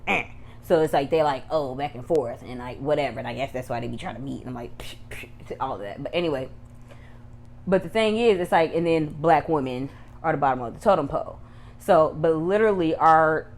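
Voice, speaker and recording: Low-voiced woman recapping a TV show. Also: animated, normal speed. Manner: chatty, rambling asides, grows heated. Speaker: YouTube TV reviewer. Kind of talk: casual recap and commentary.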